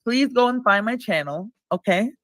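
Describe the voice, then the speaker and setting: A woman's voice: a little high, expressive, normal speed, no room sound. A woman bantering on a live stream, giggling often and talking crude and playful. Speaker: stream guest.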